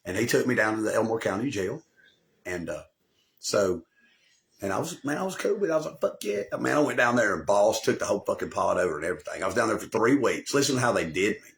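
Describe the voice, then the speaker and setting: A man with a lowish, slightly bright voice and some vocal fry talks fast with lively intonation. Hosting his channel, he spins a rambling, profane personal story, swaggering and boasting, swearing nonstop, and often losing the thread and repeating himself.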